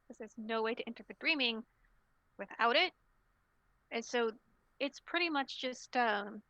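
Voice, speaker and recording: A woman narrating a tabletop game as storyteller, relaxed and rambling, with lots of filler sounds. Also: fairly high pitch, no room sound, dull audio.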